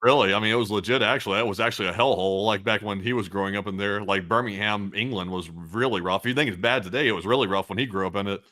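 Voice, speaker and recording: A man's voice: lowish voice, fast talker, few pauses, bright, forceful tone. A man co-hosting a channel, dropping dry joking asides into casual chat. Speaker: co-host of a news commentary channel.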